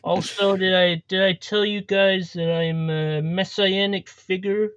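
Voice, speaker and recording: A man's voice: high-pitched, fairly even intonation, a little slow, fairly bright tone, no echo, dull audio. A man putting on a self-important, rambling male politician who stumbles over filler words. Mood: boastful. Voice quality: hesitant, rambling with filler uhs.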